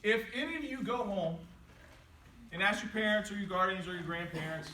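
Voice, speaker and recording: A middle-aged man giving a playful, animated inspirational talk to students in a large hall, telling stories and acting out quotes. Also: high-pitched, a little fast, background noise. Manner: playful, animated storytelling with jokes and acted-out quotes. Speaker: motivational speaker. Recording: echoey hall, voice from a distance.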